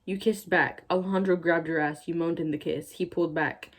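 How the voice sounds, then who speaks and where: Woman YouTuber, slightly low voice, reads fan fiction aloud with sarcastic asides. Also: steady tone, fairly quick.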